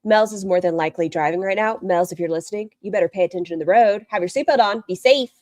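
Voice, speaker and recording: A woman's voice: medium pitch, quick pace, a little mellow, no echo, clean studio sound. A woman streamer giving casual, rambling reaction commentary and talking straight to her chat. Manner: chatty, rambling, talks to chat directly.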